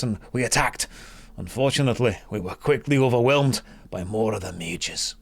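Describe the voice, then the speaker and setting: Guy doing a gruff scottish warrior voice, hurt but blunt, reading game quest text. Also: medium pitch. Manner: gruff, storytelling brogue. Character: wounded gruff male warrior, brave, blunt.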